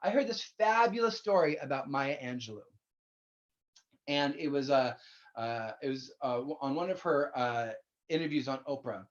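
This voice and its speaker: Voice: mid-range voice, animated, normal speed. Candid preacher, talks right at you, swears a bit, kinda dull lo-fi sound. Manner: candid, blunt, swears casually; conversational, addresses listeners directly. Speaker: minister. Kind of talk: sermon.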